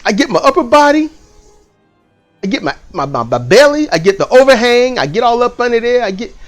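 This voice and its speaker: A man casually telling a dream story at home, animated and swearing, acting out the people in it. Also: very high voice, a little fast, faint music behind. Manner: animated, swearing, acts out voices. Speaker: channel host.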